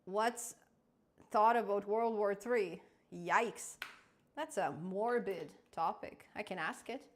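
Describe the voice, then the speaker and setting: A woman's voice: mid-range voice, slow. A woman hosting a casual live coding stream, thinking aloud as she works and answering chat.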